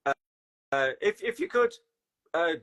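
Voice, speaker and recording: Male host, slightly high voice, halting and filler-heavy, chatty. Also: sing-song, fairly bright tone. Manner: hesitant, many fillers, laughs often. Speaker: podcast host. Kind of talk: casual podcast chat.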